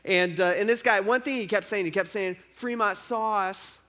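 High-pitched guy pastor preaching, chatty and emphatic, repeats stuff a lot. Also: fairly quick, fairly bright tone. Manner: conversational, emphatic, repetitive. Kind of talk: sermon.

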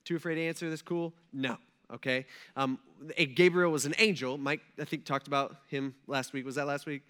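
A man's voice: fairly high pitch, fairly even intonation, brisk, a bit bright, clean tone. A man preaching a sermon in a conversational way, often checking in with his listeners. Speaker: pastor.

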